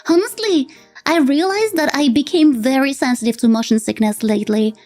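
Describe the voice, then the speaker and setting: A woman's voice: high-pitched, a little fast, a little mellow. A woman with a French accent chatting casually with her live-stream chat, giggling often as she reads and answers messages. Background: faint background music.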